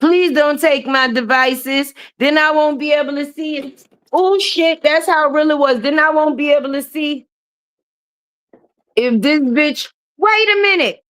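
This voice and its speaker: High-voiced woman ranting on a live stream. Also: measured pace, a bit bright. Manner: profane, mocking, switches into jeering put-on voices. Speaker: commentary streamer.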